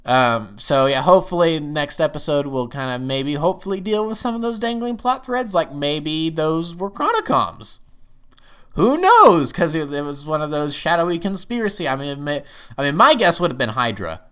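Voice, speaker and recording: A man reviewing a TV episode in casual talk. He rambles and sometimes jumps up excitedly. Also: fairly high pitch, normal speed, clean tone.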